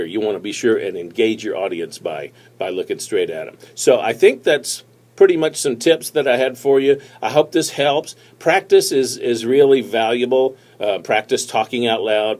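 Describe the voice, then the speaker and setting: A man giving casual tips on presenting, talking to a tablet camera in a relaxed, rambling way with many fillers and restarts. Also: mid-range voice. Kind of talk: casual instructional talk to camera. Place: seated, recording on a tablet. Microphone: tablet's built-in mic.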